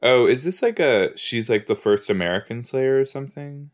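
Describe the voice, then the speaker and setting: A man's voice: medium pitch, lively intonation, normal speed. A man hosting a podcast, casually reacting while he watches a TV episode. He rambles, fills his talk with "like" and "you know", and repeats his exclamations. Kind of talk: casual watch-along chat.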